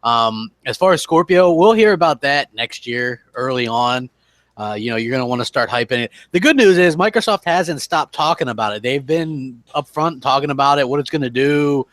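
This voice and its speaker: A man co-hosting a casual gaming call-in show, chatty and quick to laugh. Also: mid-range voice, expressive, fairly bright tone, dry recording. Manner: chatty, laughs often, lots of filler phrases. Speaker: podcast co-host.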